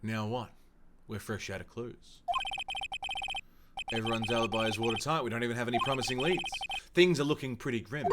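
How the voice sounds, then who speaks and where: A man streaming a visual novel, reading it aloud with crude irreverent jokes, over loud game music. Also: mid-range voice, fairly even intonation, brisk, long pauses, heavy background noise.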